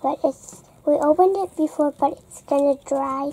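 A young girl hosting a casual slime vlog, chatty and unhurried, often dropping to a soft near-whisper. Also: sits high, low-quality recording. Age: child. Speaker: young slime channel host. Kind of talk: casual toy vlog chat. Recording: faint background noise.

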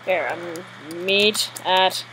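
A woman commentating her own gameplay live, excitable and jittery, often giggling. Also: on the low side, extremely slow, slight background noise, poor audio. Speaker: gamer.

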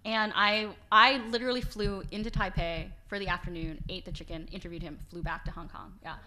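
Bright, chatty woman giving a talk. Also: medium pitch, brisk. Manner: chatty and animated, laughs often, frequent restarts. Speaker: author giving a book talk. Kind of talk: informal lecture with slides. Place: library event hall.

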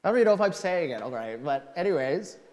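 Male pastor, high and very lively delivery, storytelling sermon, reverberant church hall. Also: quick pace. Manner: animated, swings from quiet to shouting. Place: church sanctuary.

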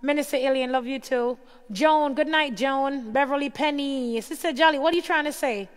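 A woman hosts a casual livestream in a high voice, calling out viewers' names and greeting each in turn. Her voice sounds a little worn. A long reverb trails behind her words. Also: moderate pace. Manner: reads out viewer names and greets them warmly one by one. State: voice tiring. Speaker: livestream host.

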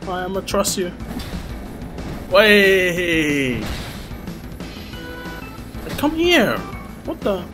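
A jumpy young man commentating his gameplay in a slow, drawn-out way, his pitch leaping wildly between low groans and high yelps. Loud game music plays behind him. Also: very animated. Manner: jumpy, yelps and exclaims at scares. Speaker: gamer playing a horror-heavy action game.

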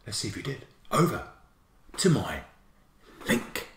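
Lively, jokey man teaching spelling. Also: medium pitch, unhurried, roomy sound, background noise. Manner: bouncy, jokey, playful asides. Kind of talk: livestreamed spelling lesson.

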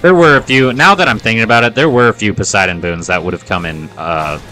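A man's voice: on the low side, quick pace, pushed and bright, soft background music. A man giving playful, self-mocking commentary while playing a video game. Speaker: gaming video host. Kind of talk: let's play commentary.

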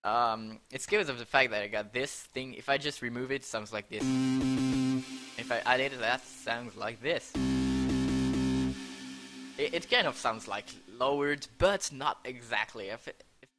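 A man's voice: medium pitch, sharp tone, faint music behind. A young man casually walking through how he built a track, often stopping to correct himself and laughing at his slips. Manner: halting, self-correcting, laughs at own slips. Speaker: music producer explaining his track. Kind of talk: casual screen-recorded tutorial.

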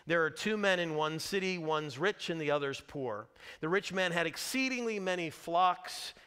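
A man pastor preaching a sermon, telling a story with lively, dramatic delivery and acted-out voices. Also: fairly high pitch, normal speed, clean tone. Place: church.

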